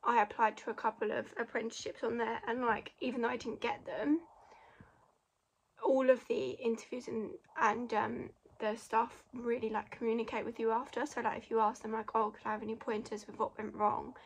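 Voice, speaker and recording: Young woman, casual Q&A vlog, slightly high voice, gravelly fry, hoarse, chatty with lots of fillers. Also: level tone, normal speed. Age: young adult. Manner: chatty, heavy filler words like "like" and "literally". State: losing her voice. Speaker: degree apprentice vlogger.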